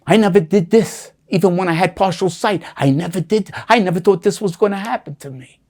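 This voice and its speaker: A man's voice: high-pitched, brisk, darkish tone. An older blind man from the United States, an interviewee telling his life story with feeling, acting out the voices of people he remembers. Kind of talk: emotional storytelling.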